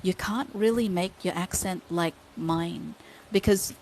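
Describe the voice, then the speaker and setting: A woman's voice: lowish voice, unhurried, darkish tone, a little hiss or hum, rough recording. A woman, a guest on a podcast, talking casually and switching between Tagalog and English with frequent tag questions.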